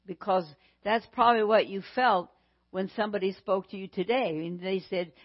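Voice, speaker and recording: A woman preaching a sermon in a deliberate, emphatic way, repeating phrases for weight. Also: medium pitch, fairly even intonation, dull audio.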